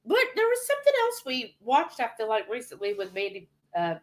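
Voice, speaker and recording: Woman co-host, a bit high, chatty live-stream manner, reads comments aloud. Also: huge pitch swings, a little fast. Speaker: cooking show co-host. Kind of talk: live-stream cooking chat.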